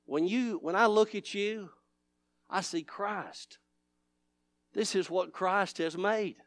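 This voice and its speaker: A man preaching a fervent sermon, swinging between loud shouting and hushed, low intimate talk in a repetitive cadence. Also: slow, no echo, studio quality. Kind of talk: revival sermon.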